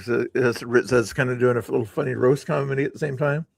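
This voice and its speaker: A man with a creaky, medium-pitched voice talks quickly and steadily over playback of his own stream, with no echo. His commentary is casual and rambling, full of repeated words, restarted sentences and sarcastic asides.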